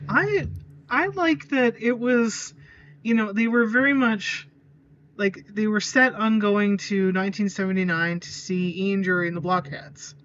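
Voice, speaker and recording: A woman's voice: medium pitch, a little slow, a bit bright, lo-fi sound. A woman chatting as a podcast guest, hesitant, with many fillers and small giggles. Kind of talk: casual chat.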